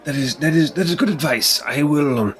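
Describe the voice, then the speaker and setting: A man's voice: fairly high pitch, fairly quick. A male player in a tabletop game speaking earnestly and tenderly as a father. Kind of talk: tabletop role-play.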